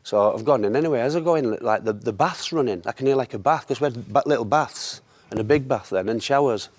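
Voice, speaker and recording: A man telling an anecdote in casual conversation as a guest, a lively storyteller who laughs often. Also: mid-range voice, quick pace. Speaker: former footballer, guest.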